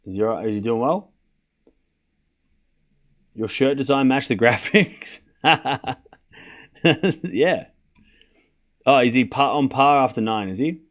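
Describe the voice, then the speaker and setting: Young guy rambling away on his tennis watchalong stream, chatting w chat between points, normal pitched voice. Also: expressive, slow pace, long pauses, a bit bright. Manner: chatty, rambling, with fillers and restarts. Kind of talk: casual live-stream commentary reading chat.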